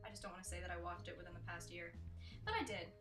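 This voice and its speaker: A woman's voice: lowish voice, fairly even intonation, rapid-fire, recorded from a distance. A young woman doing a sarcastic comic countdown monologue, slipping in mocking impressions. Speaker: comedy vlogger. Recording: echoey room with faint music.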